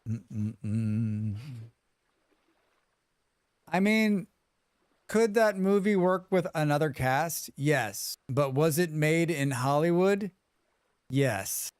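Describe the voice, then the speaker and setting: Man hosting a live game stream, chatty, animated voice, smooth dry close sound. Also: fairly high pitch, extremely slow, pauses often, no echo. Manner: chatty, reads chat aloud and hums to himself. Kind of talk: live gameplay commentary.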